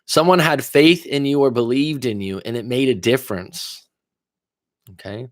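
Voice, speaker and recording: A man coaching viewers through a livestream in a loose, reflective, conversational way. His voice sits in an ordinary middle pitch, and the sound is dry and close with little room around it. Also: moderate pace, no room sound. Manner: casual, reflective, loosely paced with asides. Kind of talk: livestream monologue.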